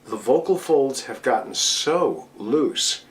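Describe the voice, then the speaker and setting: At a virtual convention, a middle-aged voice coach instructs DJs in a slow, animated, mid-range voice. He patiently walks through technique, demonstrating each point vocally.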